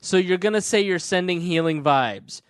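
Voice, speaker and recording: A male podcast co-host ranting sarcastically in a casual, animated chat. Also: high-pitched, normal speed, clean tone, no echo, studio quality.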